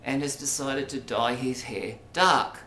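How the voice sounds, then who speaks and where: A man's voice: medium pitch, measured pace, sharp tone. Rambling Australian man in an echoey room. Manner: rambling, hesitant, many ums and asides. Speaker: vlogger. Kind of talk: casual monologue to camera. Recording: roomy echo, faint background noise.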